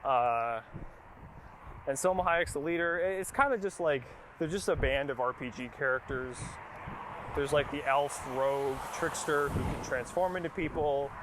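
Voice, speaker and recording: A man's voice: on the high side, normal speed, noisy background. A young man casually recapping a movie, rambling and dismissive, with lots of fillers and swearing. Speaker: podcast host.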